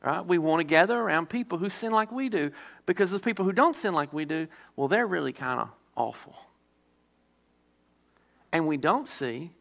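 A man, the pastor, preaching a sermon with emphasis, putting rhetorical questions to his listeners and mixing loud stressed words with quieter, slower asides. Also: fairly high pitch, animated, creaky.

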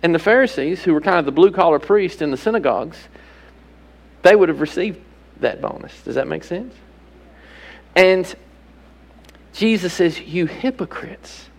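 High-voiced gravelly man preaching. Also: expressive, moderate pace, long pauses, poor audio. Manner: emphatic preaching with rhetorical questions. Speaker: pastor. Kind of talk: sermon.

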